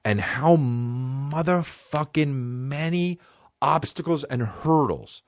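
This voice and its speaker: Man ranting with wild pitch swings. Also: unhurried, no room sound, studio quality. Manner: profane, excitable, swings between shouting highs and low mutters. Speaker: podcast host. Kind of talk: solo comedy podcast rant.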